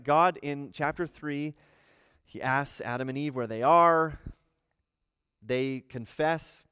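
A man's voice: mid-range voice, fairly bright tone, clean tone, dry recording, in a large hall. A man teaching a livestreamed Bible study, explaining verses and often asking rhetorical questions.

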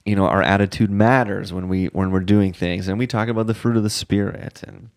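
A man in his thirties, a father, telling a rambling, animated story in casual chat. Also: on the low side, fairly quick, smooth.

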